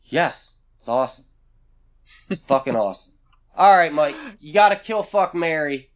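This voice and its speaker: A man's voice: on the high side, lively intonation, normal speed, lo-fi sound. A man co-hosting a casual podcast chat, blunt and profane, rambling from one thought to the next. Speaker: podcast co-host.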